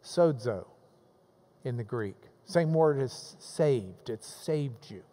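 A man preaching a sermon as a pastor, animated, acting out the voices in the passages he quotes. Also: mid-range voice, slow, big-room sound.

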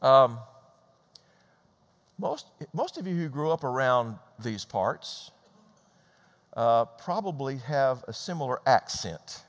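Lively older preacher in a hall. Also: male voice, mid-range voice, slow, pauses often. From Georgia, US. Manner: animated, conversational preaching with repetitions. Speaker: pastor. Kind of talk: sermon. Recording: long hall reverb.

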